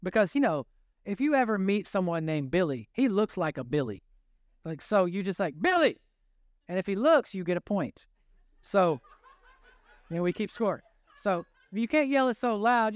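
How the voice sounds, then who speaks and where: A man's voice: high voice, smooth, no echo, clean studio sound. A man preaching a sermon in a humorous, self-deprecating storytelling way, acting out conversations. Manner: animated, shifting pace.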